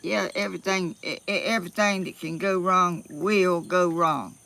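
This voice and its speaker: A woman's voice: fairly low pitch, steady tone, moderate pace, creaky, fairly bright tone. A woman with a Southern US accent, rambling in a folksy way on a live stream from her phone outdoors, a little out of breath. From Georgia, US South. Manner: rambling and folksy, with frequent laughs and fillers. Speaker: vlogger.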